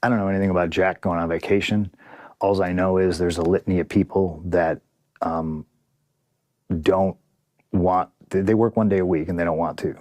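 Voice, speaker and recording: A man's voice: low-pitched, fairly even intonation, moderate pace, darkish tone, dry recording, clean studio sound. A man in a casual podcast interview, telling a story in a profane, vivid way and acting out what others said. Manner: profane, vivid, acts out dialogue. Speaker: podcast guest, pro wrestler.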